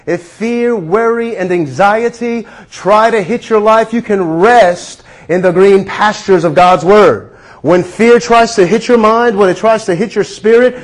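A man preaching a sermon, earnest, leading the listeners in repeating lines and slowing down to stress key words. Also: sits high.

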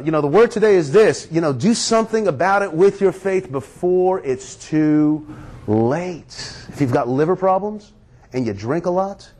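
A man's voice: high voice, darkish tone. An earnest man delivers a sermon. His talk is conversational and direct, and he often turns to his listeners with a question. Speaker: preacher. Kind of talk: sermon with a read-aloud story.

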